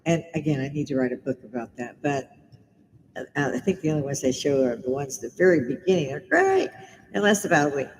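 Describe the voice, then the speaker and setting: A woman's voice: deep voice, very animated, brisk, a little mellow, big-room sound, slight background noise, rough recording. A middle-aged woman from Britain hosting a casual livestream from her home bar, blunt and swearing as she rants. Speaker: live stream host.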